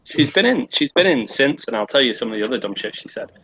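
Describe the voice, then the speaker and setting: A man's voice: mid-range voice, animated, fast, fairly bright tone, slightly rough, poor audio. A man casually telling a rambling, sweary pub anecdote on a podcast. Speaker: podcast co-host. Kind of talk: casual storytelling chat.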